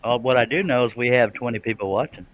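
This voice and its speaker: A man's voice: mid-range voice, quick pace, narrow, tinny audio. A man hosting a woodworking live stream, chatting casually and joking with his co-hosts. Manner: jokey, laughing easily, drawling "y'all". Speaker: scroll saw pattern designer hosting a live stream.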